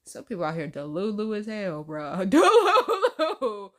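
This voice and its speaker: A woman's voice: fairly low pitch, normal speed, a little mellow. A woman hosting a reaction video, chatting in a playful, slangy way and laughing often. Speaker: host reacting to clips. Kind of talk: casual reaction commentary.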